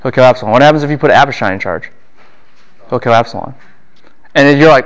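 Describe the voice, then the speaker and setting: A man lecturing a class on the Bible, animated and full of rhetorical questions. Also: medium pitch, quick pace.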